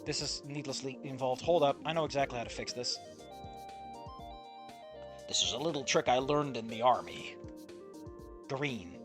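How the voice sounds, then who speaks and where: A streamer reacting to a fan comic in casual live commentary, excitable and swearing, jumping between shouted outbursts and low muttering. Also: normal speed, pauses often, faint music behind.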